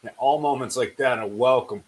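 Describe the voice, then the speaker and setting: A man co-hosting a fight show and recapping bouts in a steady, measured casual way. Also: medium pitch, rough recording. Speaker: co-host and fight commentator.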